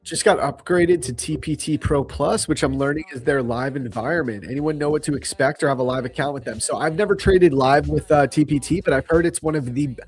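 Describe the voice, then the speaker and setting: A man's voice: fairly high pitch, brisk, hardly any pauses, faint music behind. A young man from New York hosting a casual livestream, laid-back and slangy, joking and reading chat aloud. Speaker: livestream trading host.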